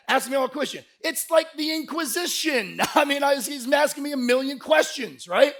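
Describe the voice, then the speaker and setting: A man giving a lively motivational sales keynote to a live conference crowd, telling stories and pushing the audience to shout answers back. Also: very high-pitched, normal speed, hardly any pauses. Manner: energetic, crowd call-and-response; folksy, peppered with "right?". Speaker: sales speaker.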